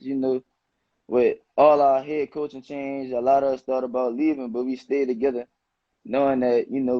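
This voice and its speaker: A young man in his late teens, a high school football player, answering interview questions in a relaxed, slangy way. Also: no room sound. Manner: relaxed, loose slangy phrasing with many "you know"s. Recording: dull, muffled dry sound.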